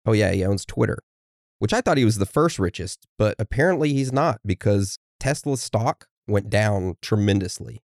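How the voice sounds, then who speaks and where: A man's voice: fairly low pitch, animated, normal speed, no room sound, clean studio sound. A man co-hosting a podcast in casual chat, steering the episode and reading from notes. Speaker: podcast co-host.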